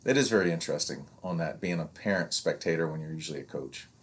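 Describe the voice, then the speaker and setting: His voice is extremely low and he talks fast: a man in his fifties who coaches youth sports and co-hosts a podcast. In easygoing, rambling chat he keeps restarting and acting out parents' lines.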